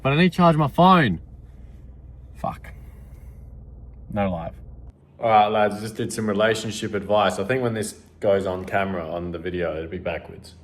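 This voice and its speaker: A man's voice: on the low side, normal speed, pauses often, fairly bright tone. A young man vlogging casually to camera, blunt and full of swearing, at times out of breath. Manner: blunt and profane, talking to camera. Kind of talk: casual vlog talk.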